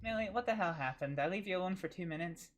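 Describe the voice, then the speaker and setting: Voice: mid-range voice, expressive, quick pace. A streamer giving casual gameplay commentary, swearing freely, laughing often and breaking into sudden yelps.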